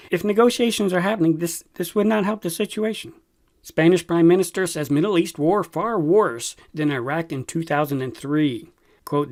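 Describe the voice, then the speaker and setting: A man's voice: fairly high pitch, darkish tone. A man hosting a Christian news briefing, reading headlines aloud and commenting on them with emphasis. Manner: reads news quotes then comments emphatically. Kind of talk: news commentary read-through.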